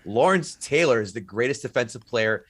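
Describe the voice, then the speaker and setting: A man's voice: mid-range voice, expressive, normal speed, a bit bright, no echo. Blunt, foul-mouthed man, dry close sound. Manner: blunt, profane trash talk. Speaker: podcast guest. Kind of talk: casual sports banter.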